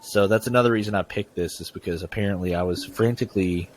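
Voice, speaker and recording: A man's voice: fairly low pitch, fast, a little hiss or hum. A man hosting a podcast who chats casually and reads a story aloud, often stumbling and repeating words. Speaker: podcast host. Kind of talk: casual chat and story reading.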